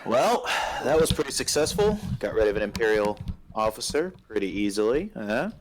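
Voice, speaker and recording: A man with a sore throat playing in an online tabletop game, blunt and quick to object. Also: on the low side, big pitch swings, a little hiss or hum. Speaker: player. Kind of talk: casual tabletop game chat.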